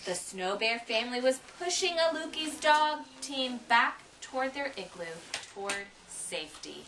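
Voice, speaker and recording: Slow, expressive woman reading a storybook. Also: a little high, far from the mic, noisy background. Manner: expressive, with dramatic gasps. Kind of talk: reading a picture book aloud.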